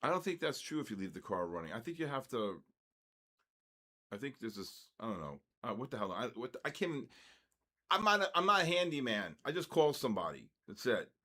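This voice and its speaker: Older New trader hosting a live session, rambles and rants between market calls. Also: male voice, medium pitch, big pitch swings, fairly quick, bright, forceful tone. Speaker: trading session host. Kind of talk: casual live trading commentary.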